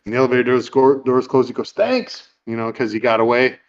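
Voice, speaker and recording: A man chats casually as a podcast host, recounting a movie scene in a loose, rambling way full of "uh"s. His voice sits at an ordinary middle pitch. The recording is dull and lo-fi. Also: flat delivery, quick pace. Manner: rambling, with many fillers and acted-out quotes. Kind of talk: casual chat retelling a film scene.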